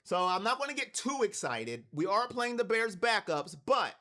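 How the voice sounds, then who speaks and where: A man's voice: high-pitched, very animated, normal speed, sharp tone. A man hosting a live watch party, calling plays and talking straight to his chat with hype-driven energy, his voice wearing thin. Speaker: livestream watch party host. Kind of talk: live play-by-play commentary with chat.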